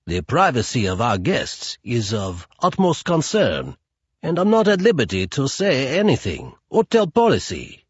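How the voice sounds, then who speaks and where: A man's voice: medium pitch, wildly swooping pitch, unhurried, slightly rough, no room sound, dull audio, heavily acted. A man voicing a prim, nervous hotel concierge in an audiobook, formal and pleading.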